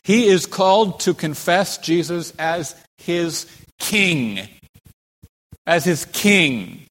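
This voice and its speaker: A man's voice: sits high, animated, drawn-out words, a bit bright. A man preaching a sermon with dramatic emphasis, acting out the figures he quotes, in a church sanctuary. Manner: dramatic, voices quoted speakers with rising emphasis. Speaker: pastor. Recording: reverberant church hall.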